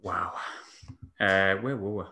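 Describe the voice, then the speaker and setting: A man's voice: sits low, takes it slowly, pushed and bright, a little hiss or hum. Chatty man in an echoey room. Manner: chatty, jokey, asks lots of questions. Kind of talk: casual football chat.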